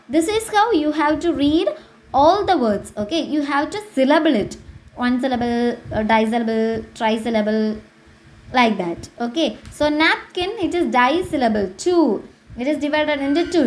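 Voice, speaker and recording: High-voiced Indian English woman teaching slowly. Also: lively intonation. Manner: slow, repetitive, spells out words. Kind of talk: online English lesson for children.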